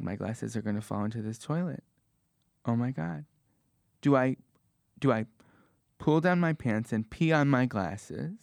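A man in his twenties telling a comic story as a stand-up comedian, animated and self-mocking, with sudden jumps in pitch. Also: vocal fry, no room sound, clean studio sound. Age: 20s.

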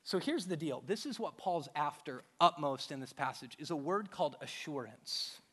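A man's voice: on the high side, expressive, normal speed, a bit bright, husky, in a large hall. A man preaching a sermon as pastor, emphatic, with rhetorical questions and repeated phrases. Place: church hall with a stage.

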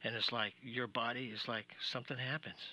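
Bright-voiced chatty male radio host. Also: medium pitch, steady tone, fairly quick, rough recording. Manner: chatty, rambling, drops to a hush when telling a personal story. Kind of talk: casual radio interview chat. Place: radio studio.

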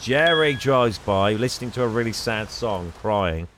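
An English man co-hosting a casual podcast, retelling a story and putting on quick voices for the characters' lines. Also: on the low side, lively intonation, fairly bright tone, a little hiss or hum. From England. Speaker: podcast co-host. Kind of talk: casual chat retelling a film plot.

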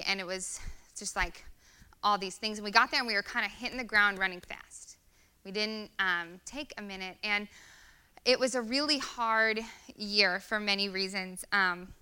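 A woman's voice: mid-range voice, sharp tone, smooth. A woman in her thirties giving an earnest, conversational sermon with many fillers. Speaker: guest speaker.

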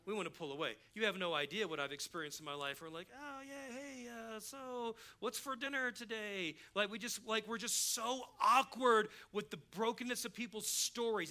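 A male pastor preaching with a high voice and a very bright, forceful edge. His delivery is casual and emphatic, and he acts out the people he quotes along the way. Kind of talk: sermon.

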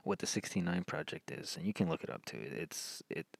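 A man's voice: extremely low pitch, animated, a little fast, creaky, slightly rough, no room sound, low-quality recording. A man hosting his own podcast, talking alone in a rambling way with frequent restarts. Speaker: podcast host. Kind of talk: solo political podcast monologue.

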